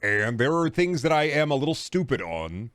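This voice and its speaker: A man's voice: medium pitch, big pitch swings, moderate pace, a bit bright, dry recording. A young man from Texas, ranting sarcastically and profanely during a casual stream chat.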